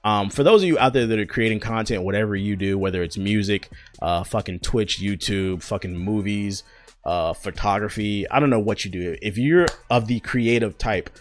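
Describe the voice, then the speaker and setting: A young man hosts a podcast, telling stories in a casual chat that is loose, profane, slangy, and full of fillers. His voice is on the low side, his pace moderate, and he's recorded on a close mic.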